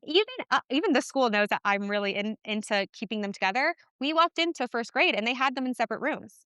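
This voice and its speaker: A woman guest on a parenting podcast, talking in a passionate, animated way with quick asides. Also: a little high, clear, resonant tone, no echo. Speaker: podcast guest, twin mom. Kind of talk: casual interview chat.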